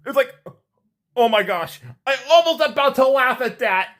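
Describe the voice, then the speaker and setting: Dude rambling through a school story for his channel, lively up-and-down voice, bright tone. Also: very high-pitched, normal speed. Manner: rambling, animated, repeats himself. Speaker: vlogger. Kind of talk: casual storytelling to camera.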